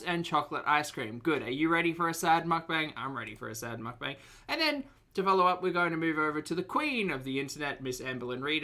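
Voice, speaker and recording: A man's voice: a little high, pushed and bright. A man hosting a casual live stream, chatty and upbeat, greeting viewers by name and laughing often. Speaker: livestream reaction host. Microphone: headphones on, streaming setup.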